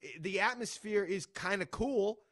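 A man from Boston talks sports on the radio in a high, bright voice. He rambles through his points, circling back with quick asides and restarts. This is loose sports talk.

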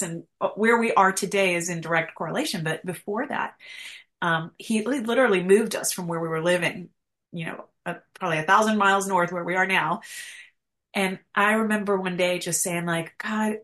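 A woman's voice: on the low side, fairly bright tone. A woman counselor telling her personal testimony in an interview, earnest and emotional, with many fillers. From United States. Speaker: counselor, guest.

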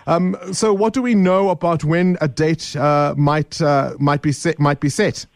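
A man's voice: on the high side, a little slow, no room sound. Male SA radio host, casual chat, dry close studio sound. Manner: conversational and relaxed, with easy restarts. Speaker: radio talk show host. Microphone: studio microphone.

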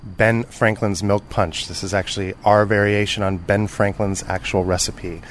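A man from Texas, a chef, talking about his background in a friendly, relaxed way, with many fillers. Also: fairly low pitch, moderate pace, a little hiss or hum. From Texas, United States. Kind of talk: casual interview. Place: restaurant.

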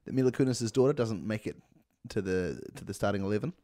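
A man's voice: on the low side, quick pace, dark tone, no room sound. A man co-hosting a comedy podcast, with dry, wry asides that often trail off. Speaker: podcast co-host. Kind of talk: casual comedic chat.

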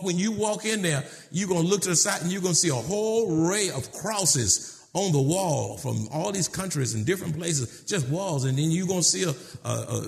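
A man preaching a sermon in a fairly high voice for a man. He drops low and slow to make his points, then climbs into shouted, emphatic questions. His phrasing is casual and direct, with words like "y'all". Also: gravelly. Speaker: pastor.

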